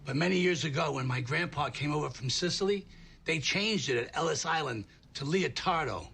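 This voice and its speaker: A man's voice: fairly high pitch, brisk, vocal fry, a bit bright, breathy edge, exaggerated voice. A man playing a proud, touchy Italian-American male schoolteacher who quizzes his class and grows indignant. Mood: indignant teacher. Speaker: teacher.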